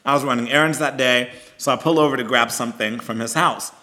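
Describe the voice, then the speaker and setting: A man, co-hosting a podcast and telling a story in an animated, chatty way, calling listeners y'all and girl. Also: mid-range voice, fast talker. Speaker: podcast co-host. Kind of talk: casual storytelling chat.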